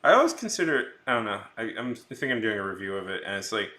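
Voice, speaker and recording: A young man chats loosely with his live stream audience, rambling from one joke to the next and often restarting his sentences. His voice is strikingly bright and sharp, with a very animated, swooping pitch. The room adds a clear echo around him. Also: fast. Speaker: art streamer. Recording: roomy echo.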